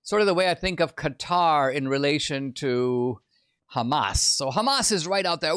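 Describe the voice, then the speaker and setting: A man's voice: fairly high pitch, expressive, moderate pace, a bit bright, clear, resonant tone, no room sound, clean studio sound. Man lecturing on a played clip. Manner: lecturing, with frequent "uh" fillers. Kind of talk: podcast monologue.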